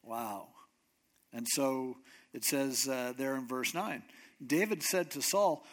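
A man preaching a sermon, retelling a scripture story in a relaxed, conversational and animated way. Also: mid-range voice, slow. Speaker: pastor.

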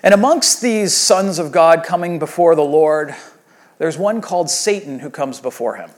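A man's voice: fairly high pitch, normal speed. A man preaching a sermon as pastor, speaking in a casual, conversational way and acting out the lines of the story he retells. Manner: conversational, animated retelling with voiced quotes.

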